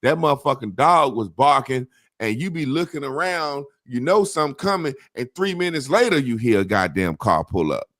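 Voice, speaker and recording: A man hosting a casual talk show, telling rambling profane stories with animated impressions. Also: mid-range voice, moderate pace, hardly any pauses, no echo, studio quality. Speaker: podcast host. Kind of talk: casual chat.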